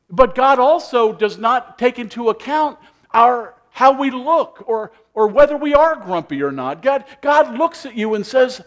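A man preaching a sermon, animated, acting out people's inner voices with sighing asides. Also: very high voice. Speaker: pastor.

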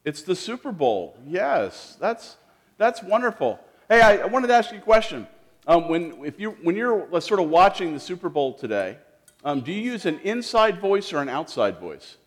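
Male pastor, children's sermon, gentle questioning manner, fairly high voice, animated intonation. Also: moderate pace. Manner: gentle, lively, talks to children with questions and restarts. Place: church sanctuary.

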